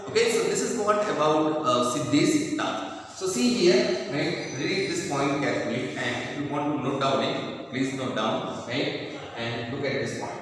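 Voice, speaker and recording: Slow-talking teacher in echoey room. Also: male voice, medium pitch, a bit bright. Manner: slow, repeats "right?" after points. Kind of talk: classroom lecture. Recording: echoey room, mic far off, faint noise.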